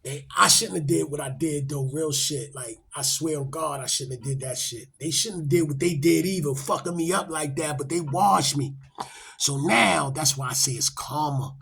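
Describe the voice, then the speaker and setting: A man's voice: fairly high pitch, gravelly, a little hiss or hum. A middle-aged man, telling a story in casual street talk and acting out the quotes. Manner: animated, acts out quotes, rising loud when excited.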